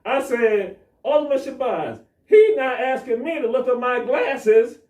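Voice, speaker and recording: A man's voice: very high-pitched, animated, unhurried, darkish tone. A man animatedly retelling a traffic stop, acting out the dialogue, as a guest on a talk show. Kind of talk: animated storytelling. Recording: echoey room, mic at a distance.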